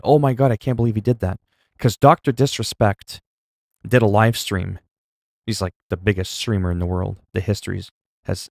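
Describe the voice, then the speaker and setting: A man with a lowish voice chats casually while livestreaming a game, opinionated and rambling, swearing freely. His voice is close and dry, with no room sound at all. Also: vocal fry, no echo. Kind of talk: casual chat while gaming.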